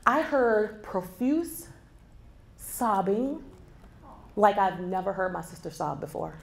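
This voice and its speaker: A woman in her forties gives a motivational keynote in a conference hall before a live audience, animatedly telling a personal story and speaking directly to the crowd. Her medium-pitched voice is slow and creaky, in an echoey hall with faint background noise.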